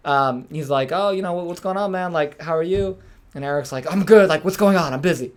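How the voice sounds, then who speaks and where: A young man hosting a podcast, telling a story in casual chat, acting out quotes and swearing freely. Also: fairly high pitch. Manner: fast, animated, swears freely, acts out quotes. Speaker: podcast host.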